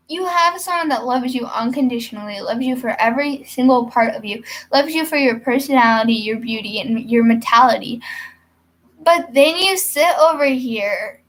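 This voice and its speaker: A young woman talking casually to camera in a rambling, hyper vlog monologue with giggly asides. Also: sits high. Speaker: vlogger.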